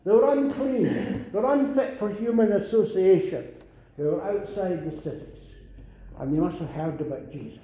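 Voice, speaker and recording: An older male preacher with a fairly high, mellow voice delivers an earnest sermon. He repeats key phrases and swells into emphatic calls. The room around him rings with heavy echo. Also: animated, normal speed. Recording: very echoey room.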